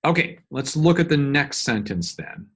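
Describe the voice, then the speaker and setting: A man of middle pitch gives a recorded law lecture, talking through a document line by line. He explains patiently and evenly, often pausing on fillers and restarting his sentences as he thinks. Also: very animated, slightly rough. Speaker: law instructor. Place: solo screen-recorded lecture.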